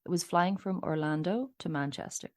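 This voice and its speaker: A woman's voice: on the low side, fairly quick. A woman co-hosting a podcast, reading out a story and laughing easily. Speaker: podcast co-host. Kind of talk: casual chat and scripted narration.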